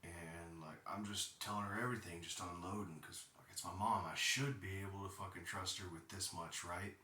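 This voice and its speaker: A man's voice: low voice, steady tone, normal speed, pushed and bright. A man in his thirties telling a personal story as a podcast host, blunt and profane, and heated at times. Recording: roomy sound, distant from mic.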